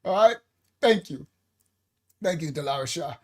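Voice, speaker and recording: A ministry teacher gives a livestream lesson, reading aloud from slides and breaking off to talk straight to viewers. The delivery is animated and emotional, with outbursts of laughter and apologies. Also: medium pitch, normal speed. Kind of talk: livestreamed Bible-history lesson.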